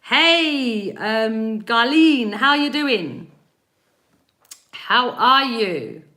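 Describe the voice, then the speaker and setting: A spiritual reader and energy healer from East London speaks very slowly on a live stream, her slightly high, bright voice swinging widely in pitch with a forceful tone. She rambles and laughs, naming viewers as she greets them and answers their comments.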